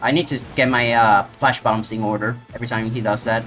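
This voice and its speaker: A man streaming a video game live, reacting out loud and talking to the monster he fights. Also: mid-range voice, brisk. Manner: excitable, talks to the monster. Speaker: gaming streamer. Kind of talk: live gameplay commentary.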